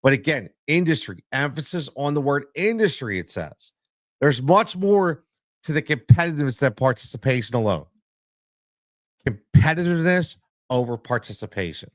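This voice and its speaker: A man's voice: medium pitch, big pitch swings, normal speed, dry recording, studio quality. A man hosting a solo sports podcast as a coach, talking emphatically and repeating his points for stress.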